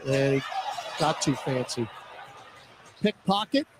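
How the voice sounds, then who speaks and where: A man doing radio play-by-play for a basketball game, calling each play in quick clipped bursts. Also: fairly high pitch, lively intonation. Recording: noisy radio broadcast with arena ambience.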